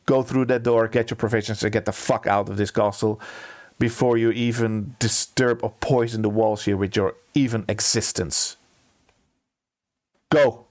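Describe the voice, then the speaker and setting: A man's voice: on the low side, steady tone, normal speed, a little mellow, natural voice. A man voicing a young male steward who dotes on his pet bird and turns cruel. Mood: contemptuous. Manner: sobbing, pleading baby talk then sneering contempt.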